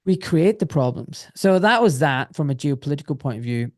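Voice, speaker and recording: Animated middle-aged British man, swearing. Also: on the high side, fairly quick, dry recording, studio quality. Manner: animated, swears, acts out quoted voices. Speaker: podcast guest, former doctor. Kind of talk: casual podcast storytelling.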